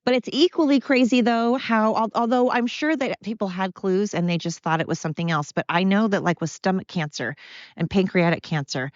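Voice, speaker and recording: A woman's voice: medium pitch, a little fast, no echo. An American woman hosting a podcast at home, talking in a blunt, candid, rambling solo monologue. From United States. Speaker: podcast host. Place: at home with her dogs. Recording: dull, dry lo-fi sound.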